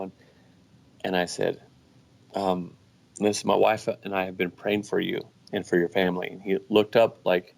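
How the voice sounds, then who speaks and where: Low gravelly-voiced man telling stories. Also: normal speed, long pauses. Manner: relaxed, anecdotal, many restarts. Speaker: guest, business owner. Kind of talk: casual storytelling.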